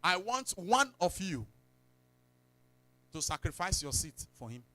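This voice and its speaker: A man with a Nigerian accent preaching a sermon in church, telling stories, slipping into pidgin and breaking into sudden shouts. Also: sits high, very animated, a little slow, no room sound. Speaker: pastor.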